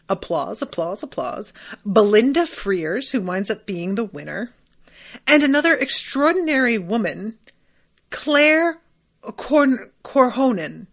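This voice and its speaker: Woman podcaster, unhurried, fairly high voice, chatty and profane recap host. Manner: animated, profane, bursts into laughter. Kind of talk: casual recap chat.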